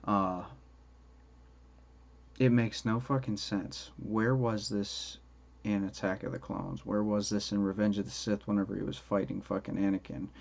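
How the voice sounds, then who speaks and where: A man's voice: on the low side, little pitch movement, a little slow, gravelly. A man ranting about a show he dislikes, swearing constantly and asking "okay?" for emphasis. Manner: profane, exasperated ranting. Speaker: vlogger. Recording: dull lo-fi audio with faint ambient noise.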